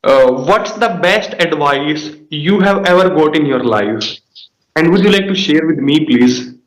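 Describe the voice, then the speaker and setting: A man's voice: fairly high pitch, animated, a little slow, reverberant, rough recording. A young man, interviewing his teacher politely and often saying "sir" and "like". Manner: polite, calls the other "sir", uses many fillers like "like". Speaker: student interviewer. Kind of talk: conversational interview.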